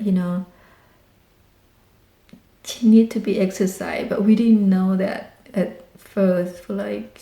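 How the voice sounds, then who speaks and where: Excited woman with mellow voice, roomy. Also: medium pitch. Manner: excited, animated retelling with dramatic exclamations. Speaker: vlogger. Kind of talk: casual storytelling. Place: home in rural Texas.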